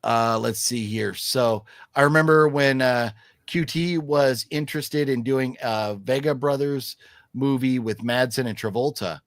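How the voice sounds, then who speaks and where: A man's voice: medium pitch, a little slow, no echo, studio quality. A man hosting a casual live stream, chatting and reading viewer comments aloud with lots of fillers. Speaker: host.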